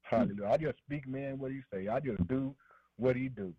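A man's voice: mid-range voice, fairly quick, slightly rough, no echo. Man on dull dry radio. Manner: preachy call-and-response, fillers like man and boy. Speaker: preacher. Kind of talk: sermon.

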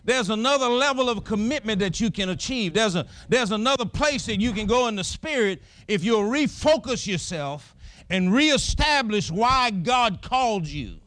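High-voiced preacher with a drawl. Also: male voice, lively intonation, moderate pace, no echo. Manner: preacherly, dramatic storytelling with shouted exclamations. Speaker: pastor. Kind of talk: sermon.

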